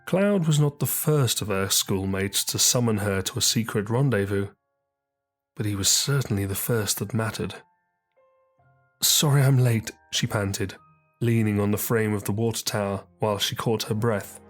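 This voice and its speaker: A man reading an audiobook story as narrator, measured and descriptive. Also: fairly low pitch, soft background music.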